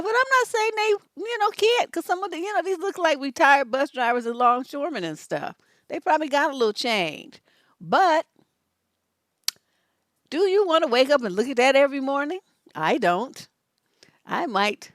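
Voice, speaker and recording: An older woman who works as a relationship coach gives live stream commentary in an animated, cheeky way and laughs often. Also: high voice, normal speed, dry recording, studio quality.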